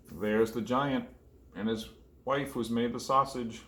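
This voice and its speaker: A man's voice: mid-range voice, fairly even intonation, a little slow, a bit bright. A man reading a picture book aloud to children and asking them questions along the way. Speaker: storyteller for children.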